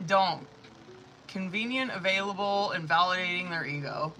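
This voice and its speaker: A man's voice: high voice, moderate pace, pushed and bright, faint music behind. A man doing a casual, profane, chatty live tarot stream on his phone, laughing often. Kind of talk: casual livestream chat.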